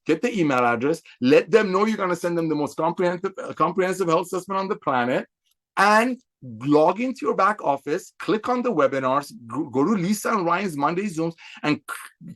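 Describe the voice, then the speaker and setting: Man, somewhat high voice, excitable executive giving a motivational sales pep talk. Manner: excitable, repetitive, preacher-like emphasis. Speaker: company executive addressing affiliates.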